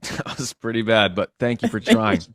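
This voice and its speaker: A man's voice: on the low side, sing-song, normal speed, vocal fry, a bit bright, no room sound, studio quality. Blunt, teasing dating coach man. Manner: blunt, teasing, swears freely. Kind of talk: live-stream advice chat.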